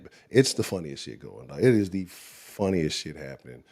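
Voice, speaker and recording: A man's voice: on the low side, sing-song, a little fast, few pauses, mellow. A man with a Texan accent hosting a live sports talk stream, rambling and profane, laughing often and talking to the chat. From Texas. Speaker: sports show host.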